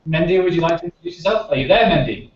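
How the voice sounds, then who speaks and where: A man's voice: on the high side, animated, racing. A man hosting an online science panel on a video call, friendly and prompting speakers in turn. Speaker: panel moderator. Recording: echoey, distant, dull lo-fi call audio.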